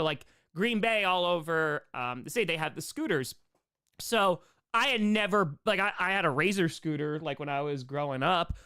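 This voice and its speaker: A young man hosting a live stream, chatting casually in a rambling, excitable way. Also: high-pitched, clear, resonant tone, no room sound, clean studio sound.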